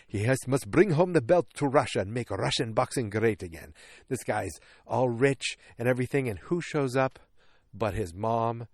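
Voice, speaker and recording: A man's voice: mid-range voice, a little mellow, no echo, studio quality. A man hosting a casual movie podcast, rambling through the plot with joking asides and frequent self-corrections. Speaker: podcast host.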